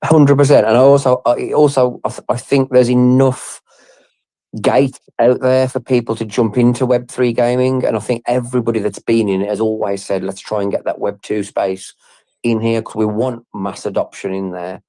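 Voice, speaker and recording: A man's voice: medium pitch, level tone, moderate pace, warm tone, dry recording. A man on a group audio call explaining his team's game plans, with frequent fillers and restarts. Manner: hesitant, many fillers and restarts. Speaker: game project team member. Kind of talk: casual group audio chat.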